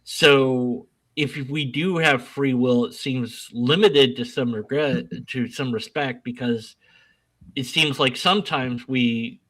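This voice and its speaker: Goofy bright-voiced rambling man. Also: mid-range voice, steady tone, takes it slowly, poor audio. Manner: goofy, self-deprecating, rambling with restarts. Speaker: YouTuber and panel guest. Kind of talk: casual rambling panel talk. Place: home, sitting at his desk.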